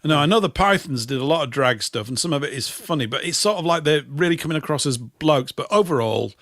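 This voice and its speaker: Man, fairly high voice, chatty, opinionated, teasing, dry sound. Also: animated, fast, a bit bright, no echo. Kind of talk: casual chat.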